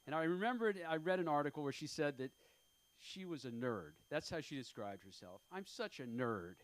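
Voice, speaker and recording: A man in his fifties works through a stand-up set on a comedy club stage, speaking into a handheld mic. His voice sits a little high for a man. He rambles and runs himself down, stopping and restarting with plenty of ums and uhs. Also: animated. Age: 50s. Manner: rambling, self-deprecating, halting with fillers.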